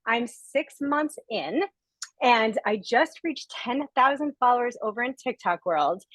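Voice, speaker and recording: A woman's voice: fairly high pitch, expressive, unhurried, fairly bright tone, no echo, low-quality recording. Earnest, gushing woman on a dry video call. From Rhode Island. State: emotional, near tears. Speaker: guest speaker sharing a testimonial. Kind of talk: heartfelt testimonial on a webinar.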